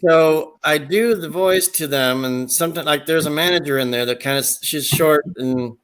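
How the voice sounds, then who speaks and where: A man's voice: fairly high pitch, normal speed, a bit bright, clear, resonant tone. A man telling rambling, crude comic anecdotes in casual talk and slipping into voice impressions. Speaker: storyteller.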